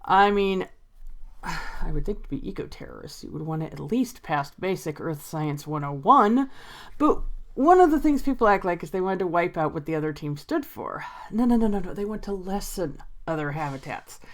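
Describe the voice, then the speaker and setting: A woman's voice: on the low side, expressive, normal speed. Exasperated sarcastic woman vlogger. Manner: exasperated, sarcastic, laughs and sighs often. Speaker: video creator. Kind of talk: opinionated commentary vlog.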